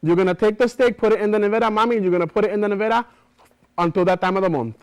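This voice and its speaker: A brassy, self-assured spiritual adviser on the phone, voiced by a man in a solo stage monologue. The voice sits high and bright, switching between languages and calling everyone mami. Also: very fast, clean tone, lightly acted. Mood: bossy, confiding.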